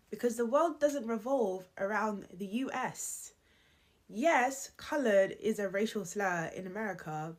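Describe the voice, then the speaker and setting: A woman giving reaction commentary in an exasperated, questioning way. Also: a little high.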